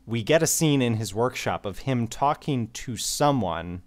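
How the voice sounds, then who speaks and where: A man's voice: mid-range voice, expressive, unhurried. A young man co-hosting a podcast, eagerly explaining plot points in casual conversation. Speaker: podcast co-host. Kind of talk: casual movie discussion.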